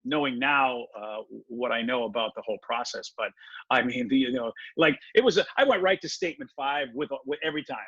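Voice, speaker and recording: A man being interviewed on a podcast, telling a personal story in an animated way and acting out his own past words. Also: medium pitch, brisk, husky, no room sound, highs cut off. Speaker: guest.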